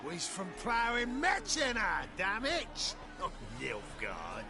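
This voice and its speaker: A loud, swaggering pit-fighter brother from a video game, hollering his boasts in a high, wildly swinging voice and drawing the words out slowly. He is crude and cocky, with game music playing behind him. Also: wildly swooping pitch, a crowd in the background, heavily acted. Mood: boastful. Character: brash boastful male pit fighter, one of two brothers.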